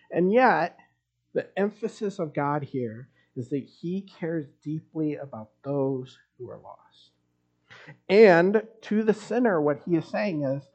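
Man preaching a sermon, fairly high voice. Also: expressive, moderate pace, darkish tone, highs cut off. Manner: conversational, wry asides. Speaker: pastor.

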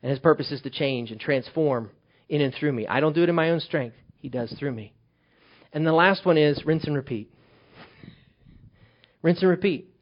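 A man preaching a sermon as pastor, swinging from loud emphatic calls to hushed, quiet lines. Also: fairly high pitch, moderate pace, long pauses, dull audio.

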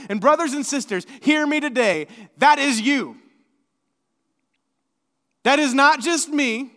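A male pastor preaching a sermon in a church, talking conversationally and moving between hushed and emphatic delivery. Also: extremely high pitch, slow pace, long pauses. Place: church sanctuary. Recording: long reverb of a church sanctuary.

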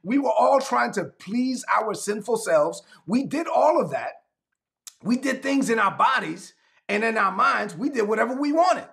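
A man preaching a sermon, his voice pitched high and swinging widely as he pushes rhetorical questions and reads scripture aloud. A gravelly rasp runs under his delivery. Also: lively intonation, unhurried, fairly bright tone. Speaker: pastor.

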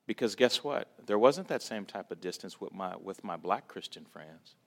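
With a deep voice and lively intonation, a man speaks at a moderate pace in a church setting. He preaches through a personal story, acting out quoted voices and shifting between loud bursts and hushed moments.

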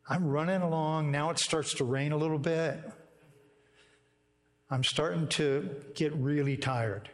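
A man's voice: a little high, steady tone, a little slow, long reverb tail. A man preaching a sermon, telling a personal story in a conversational way and closing in prayer. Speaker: pastor. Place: church sanctuary.

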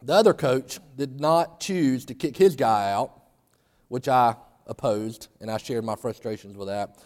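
A man's voice: medium pitch, measured pace, darkish tone. Man preaching in a reverberant hall. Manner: folksy storytelling, voice rising to fervent emphasis. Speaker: pastor. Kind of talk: sermon.

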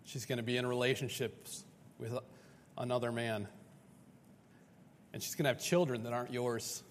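A preacher voicing God, quiet and firm. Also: male voice, rapid-fire, long reverb tail, slight background noise, close to an everyday voice. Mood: solemn. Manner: low, quiet and resolute. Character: God as a calm, firm divine father.

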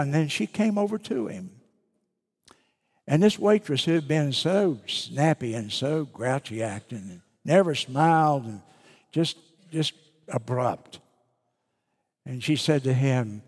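Male preacher, mid-pitched, slow and deliberate storyteller; long hall reverb. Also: lively intonation, a little mellow. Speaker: pastor. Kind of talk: sermon.

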